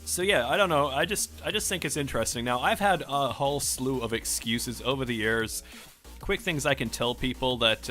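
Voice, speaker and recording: A man's voice: mid-range voice, sharp tone. A man from Australia rambling in a casual rant over gameplay, with strongly emphasized R sounds and a self-questioning way of talking. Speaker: gaming vlogger.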